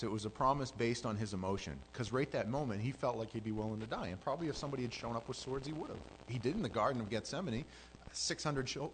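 A man preaching a sermon as pastor, telling the story with animated swings between loud, fervent passages and hushed asides. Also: mid-range voice, a little hiss or hum, poor audio.

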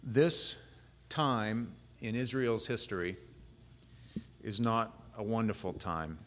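A man with a lowish voice gives a sermon from the front of a church, talking casually rather than preaching loudly. He rambles a little, with plenty of fillers. His voice rings out in a long, hall-like reverb. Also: takes it slowly. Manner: relaxed, plain-spoken, rambling with fillers. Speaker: pastor.

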